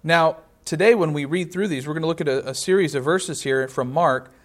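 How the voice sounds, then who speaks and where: A man's voice: on the high side, fairly quick. A man preaching a sermon, reading scripture aloud and explaining it with rhetorical questions.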